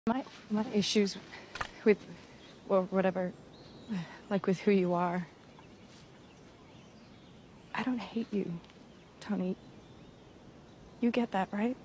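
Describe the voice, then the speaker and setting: An actress playing a woman who speaks in a hesitant, halting way in a drama scene. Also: mid-range voice, steady tone, a little mellow, a little hiss or hum, close to an everyday voice. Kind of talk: scripted drama dialogue.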